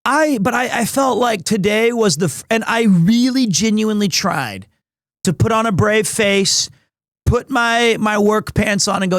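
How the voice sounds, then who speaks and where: A man live-streaming from home, chatting casually with his viewers in a rambling, excitable, self-deprecating way. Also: high-pitched, a little slow, no echo, clean studio sound.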